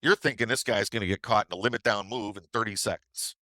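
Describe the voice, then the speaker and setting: Middle-aged guy teaching trading on a webinar, low punchy voice, chatty, dry close sound. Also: quick pace, sharp tone, no room sound. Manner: conversational, with tag questions. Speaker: trading educator. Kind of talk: webinar storytelling.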